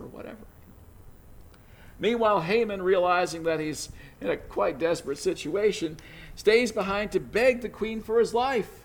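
A man teaching from the Bible, retelling the story in a conversational way with informal asides and chuckles. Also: high-pitched.

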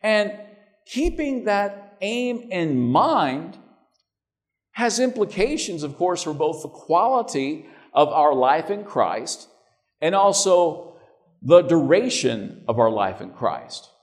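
Lively conversational preacher, a man. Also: on the high side, takes it slowly. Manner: conversational, repeats words when starting; preaching with swings between emphatic and quiet. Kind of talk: sermon.

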